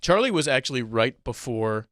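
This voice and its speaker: A man's voice: mid-range voice, big pitch swings, fairly bright tone, no room sound, clean studio sound. Chatty male co-host. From Massachusetts South Shore. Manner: chatty, quick asides and laughs. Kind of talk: casual chat.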